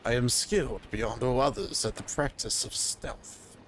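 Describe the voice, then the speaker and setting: A man voicing a scheming male servant in a measured, plotting way, reading video game dialogue. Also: medium pitch, a bit bright, slight background noise, natural voice. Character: scheming male servant proposing a sly plot.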